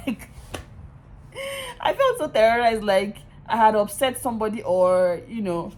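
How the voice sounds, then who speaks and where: A young woman from Nigeria with a Nigerian accent, casually telling a story to her vlog audience in an animated, exasperated way, speaking into a handheld phone at an outdoor bus stop. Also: a little high, a little slow, slight background noise, low-quality recording. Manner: animated, exasperated retelling with laughs. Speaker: vlogger.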